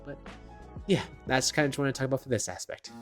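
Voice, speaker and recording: A man's voice: medium pitch, quick pace, fairly bright tone, soft background music. Rambling, self-deprecating young man. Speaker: dungeon master. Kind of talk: casual talk to camera. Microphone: desk microphone.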